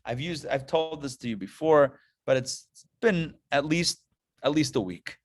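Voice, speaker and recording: A man, a rabbi, giving a lively lecture with storytelling to a live class, talking conversationally and checking in with listeners through quick questions. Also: a little high. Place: live class before an audience.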